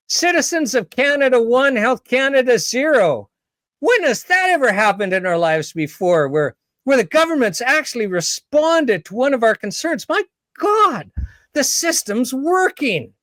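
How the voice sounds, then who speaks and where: Man doing an overjoyed gullible citizen, shrill and high, mock triumph, dry sound. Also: flat delivery, normal speed, few pauses, a bit bright, smooth, no echo. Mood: giddy mock triumph. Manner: mocking, giddy sarcasm. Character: gullible, overjoyed citizen cheering a hollow win.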